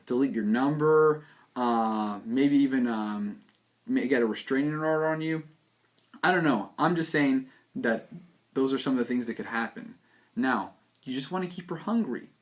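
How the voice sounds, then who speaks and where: A young man giving dating advice in a loose, joking monologue full of filler words. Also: mid-range voice.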